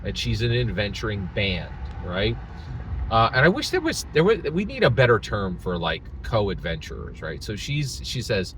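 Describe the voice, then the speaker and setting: A man's voice: lowish voice, huge pitch swings, moderate pace, a bit bright, a little hiss or hum, poor audio. A man hosting his channel, casually retelling a tabletop game session and rambling with many restarts. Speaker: channel host.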